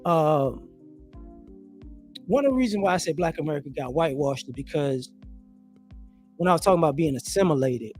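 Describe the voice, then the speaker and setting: This live-stream host narrates stories and gives his views, performing other people's lines in an animated, casual way through a home streaming microphone. His fairly high voice is brisk but broken by long pauses, and soft music plays behind him.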